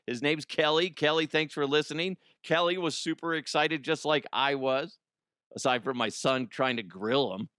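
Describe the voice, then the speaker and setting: A man's voice: fairly high pitch, normal speed, sharp tone, smooth, no echo. Middle-aged guy rambling on his podcast, stuffy nose, swears a lot, dry close sound. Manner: rambling, profane, laughs at own jokes. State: congested with allergies. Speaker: podcast host. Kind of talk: casual comedic monologue.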